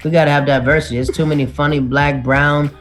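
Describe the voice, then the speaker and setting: Fast-talking comedian spinning stories. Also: male voice, on the high side. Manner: animated storyteller who acts out other people's lines. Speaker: guest, stand-up comedian. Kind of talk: casual podcast chat.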